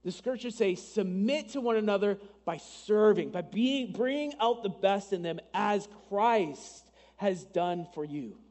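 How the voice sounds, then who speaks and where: A man with a noticeably high voice delivers a Sunday sermon from the pulpit. He keeps it conversational, slipping in asides and acting out little bits of dialogue. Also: expressive, measured pace, hardly any pauses, a little mellow, long reverb tail. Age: adult, married. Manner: conversational preaching with asides and dramatized quotes. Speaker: pastor.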